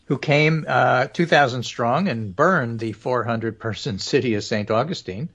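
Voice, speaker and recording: A man's voice: medium pitch, a little slow, a bit bright, slightly rough, lo-fi sound. A man co-hosting a talk podcast, speaking in a dry, wandering way with many fillers. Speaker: podcast co-host. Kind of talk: casual talk show chat.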